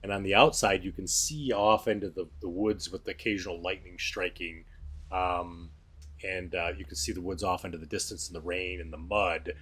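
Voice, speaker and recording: A man narrating as game master in a relaxed, rambling way with many fillers. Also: sits low, moderate pace, husky.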